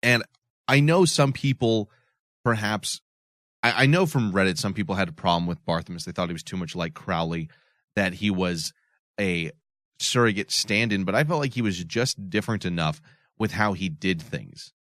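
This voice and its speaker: A man co-hosting a casual podcast, thinking out loud at length about a TV episode with many restarts. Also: sits low, normal speed, no room sound, studio quality. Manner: thoughtful, explains at length with restarts. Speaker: podcast co-host.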